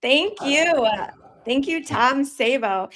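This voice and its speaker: A woman hosting a trading livestream, cheerful and quick to laugh. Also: sits high, animated, a bit bright. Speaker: livestream host. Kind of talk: upbeat show hosting.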